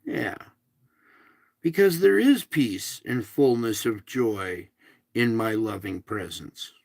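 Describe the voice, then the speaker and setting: A man hosting a casual spiritual show, talking in a slow, soothing, repetitive way to reassure his listeners. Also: on the low side, lively intonation, creaky, darkish tone, no echo, clean studio sound. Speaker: show host. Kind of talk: casual spiritual livestream talk.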